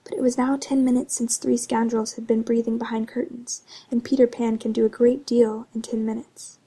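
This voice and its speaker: Hushed, husky woman reading a storybook. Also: a little high, little pitch movement, normal speed. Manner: hushed, partly whispered. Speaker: narrator. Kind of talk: soft-spoken storybook reading.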